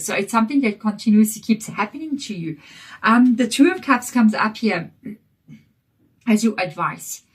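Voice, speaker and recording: Woman, tarot reader, croaky, husky, reassuring, direct, casual. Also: mid-range voice, animated, moderate pace. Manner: reassuring and direct, checking in with "okay?". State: croaky from a chesty cold. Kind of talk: casual tarot reading to camera.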